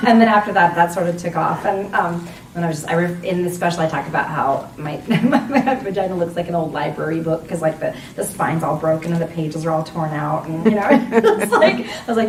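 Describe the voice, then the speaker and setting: A woman's voice: fairly low pitch, big pitch swings, moderate pace. A woman in her forties, a voice actress on a convention panel, talking in a chatty, rambling way and laughing often. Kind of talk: casual panel Q&A. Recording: roomy hall, distant from mic, faint noise.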